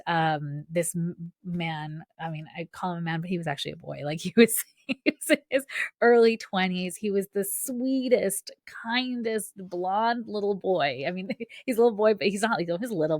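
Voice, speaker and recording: A woman's voice: lowish voice, no echo, clean studio sound. A woman hosting a spiritual podcast, telling a personal story in a chatty, casual way with lots of fillers and restarts. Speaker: podcast host.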